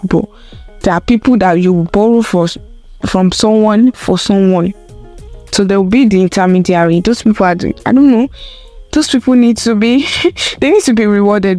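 A woman's voice: medium pitch, dark tone. Emphatic young woman ranting. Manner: emphatic, repetitive, rhetorical questions. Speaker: vlogger. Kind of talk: casual opinion rant.

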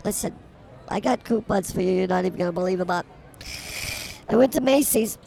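A woman's voice: medium pitch, fairly quick, mellow, a faint crowd. A woman co-hosting a comedy podcast, teasing and rambling through improvised banter. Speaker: podcast co-host.

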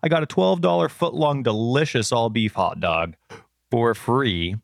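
A man's voice: mid-range voice, a little slow, vocal fry, dry recording, studio quality. A middle-aged man co-hosting a podcast, chatting casually and acting out the quotes in his story. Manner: animated storyteller, acts out quotes. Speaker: podcast co-host. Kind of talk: casual chat.

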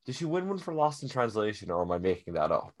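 Young male co-host, low-pitched, loose jokey film-review banter. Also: big pitch swings, fast. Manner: joking, swears freely. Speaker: podcast co-host. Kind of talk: casual movie review chat.

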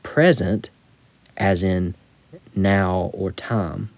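A man reading aloud from his own devotional book in a measured, deliberate way. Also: low voice, steady tone, a little mellow, no room sound.

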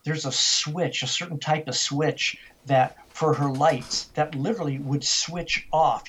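A slightly rough, medium-pitched voice belongs to an older man being interviewed. He tells his story in an animated way, often going back to restart and repeating words.

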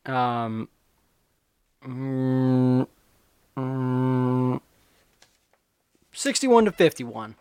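Relaxed, teasing man co-hosting a podcast. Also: medium pitch, drawn-out words, pauses often, clear, resonant tone, no echo. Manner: relaxed and agreeable, with easy teasing. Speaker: movie podcast co-host. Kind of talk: casual chat.

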